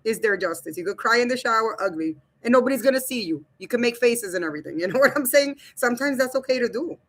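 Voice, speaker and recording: Talking fast in a fairly high, fairly bright voice, a livestream host reads out viewer comments and speaks directly to her chat. She's animated and blunt, casually swearing and laughing as she goes.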